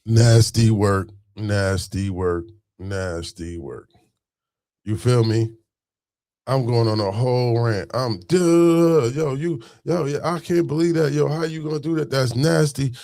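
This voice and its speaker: A man ranting through a casual story, leaning hard on street slang and circling back over the same phrases. His voice sits at an ordinary middle pitch. The sound is dry and close, with no room around it. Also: normal speed, vocal fry, no room sound. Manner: animated, street slang, repeats phrases, rants.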